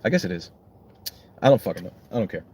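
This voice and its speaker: A man's voice: low voice, lively intonation, fast, warm tone, a little hiss or hum. A young man, a songwriter, chatting casually and rambling on with lots of swearing and self-mocking jokes.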